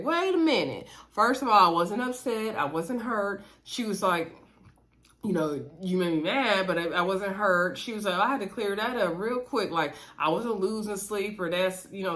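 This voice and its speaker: A woman hosting a casual recap, talking straight to her viewers in a chatty, lively way. Her voice sits a little low for a woman, and she acts out the scenes as she retells them. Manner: chatty and animated, retelling scenes with quoted dialogue. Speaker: reality show recap host.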